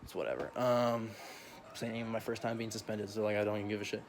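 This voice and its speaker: A man's voice: on the low side, fairly even intonation, quick pace, noisy background. A young man vlogging a casual, profane rant full of slang, often laughing as he talks.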